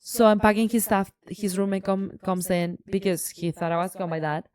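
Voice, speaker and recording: A woman with a mid-range voice, speaking at normal speed in a recording with no echo, co-hosts a casual podcast. She tells a story with energy and animation, acting out the dialogue herself.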